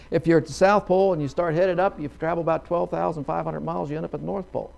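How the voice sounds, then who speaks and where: A middle-aged man preaches in a gravelly voice, spinning a folksy story. He acts out the characters and now and then erupts into a loud hallelujah. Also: fairly high pitch. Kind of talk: sermon with storytelling.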